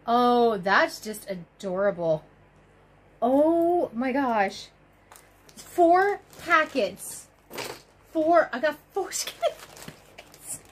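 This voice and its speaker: A woman vlogging an excited unboxing, gushing, gasping and squealing with delight. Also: high-pitched, a little hiss or hum. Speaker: crochet vlogger.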